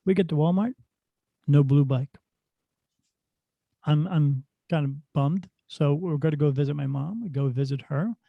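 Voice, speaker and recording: A middle-aged man, a spirit medium guest on a podcast, telling stories in a lively, casual way. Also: fairly high pitch, moderate pace, gravelly, hardly any pauses, no room sound. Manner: animated storyteller who acts out dialogue. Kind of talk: casual storytelling in a podcast interview. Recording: dull, dry lo-fi sound.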